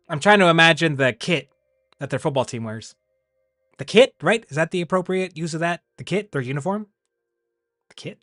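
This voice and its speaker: A man chatting casually on a livestream, rambling and animated, often laughing. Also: on the high side, moderate pace, long pauses, no echo, studio quality, soft background music. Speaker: streamer.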